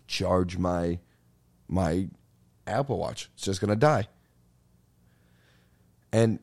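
On a podcast, a young host with a lowish, dark-toned voice goes on a casual, animated comedic rant, dropping swear words and calling people "dude."

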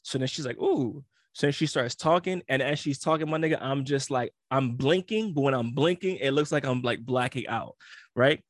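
Brief: young man, mid-pitched, dry close sound, slangy and animated, acts out every quote. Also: normal speed, no room sound. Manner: slangy, animated storytelling with frequent laughs and acted-out quotes. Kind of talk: casual chat.

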